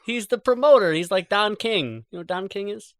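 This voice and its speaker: A man's voice: sits high, expressive, brisk, dry recording, studio quality. A man co-hosting a podcast, explaining in casual talk with restarts and swearing. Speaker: podcast co-host.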